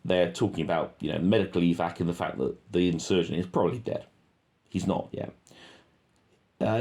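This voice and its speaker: A man reads a transcript aloud and offers commentary, offhandedly, with many ums and self-corrections. His voice is low and dark, a little fast, with frequent pauses.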